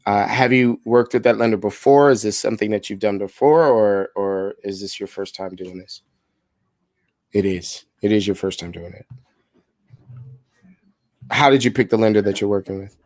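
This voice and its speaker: Man, low voice, casual and upbeat, sales calls with coaching, restarts a lot, dry close sound. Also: normal speed, pauses often, darkish tone, dry recording. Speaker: sales trainer making live calls. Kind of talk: live phone calls with coaching asides.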